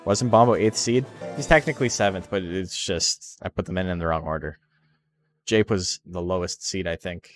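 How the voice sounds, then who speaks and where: A man with a low voice and a moderate pace gives loose, joking live-stream commentary on a game as a tournament commentator, with faint music playing behind him. He rambles, leans heavily on "like," and swears freely.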